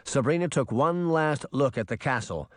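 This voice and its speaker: Reading from a script, a man narrates a fantasy audiobook with expressive storytelling. His pitch is medium and his pace moderate, and the studio recording is clean and dry.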